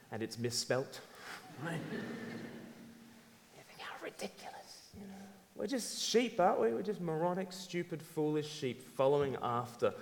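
A man preaching a sermon in an animated, emphatic way, acting out quotes. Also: on the high side, slight background noise. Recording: long hall reverb.

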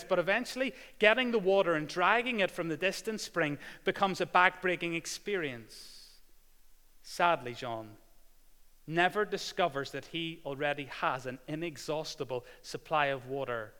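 A man preaching a sermon, swinging between loud proclamation and hushed, intimate passages. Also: fairly high pitch, clean tone. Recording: hall reverb.

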